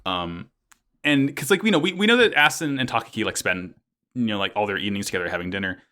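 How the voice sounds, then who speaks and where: A man co-hosting a casual podcast, talking haltingly with repeated words. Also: on the low side, lively intonation, sharp tone. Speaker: podcast co-host. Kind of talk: casual anime discussion podcast.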